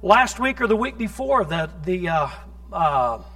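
A male pastor preaching a sermon in church, quoting scripture rapidly and asking the congregation rhetorical questions. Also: high-pitched, sing-song, pushed and bright.

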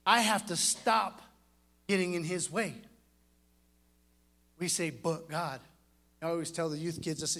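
A middle-aged man delivers a sermon to young people, his voice sitting a little high for a man. He talks directly to the kids, earnest and animated, pressing each point home. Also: normal speed, long pauses. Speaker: youth preacher.

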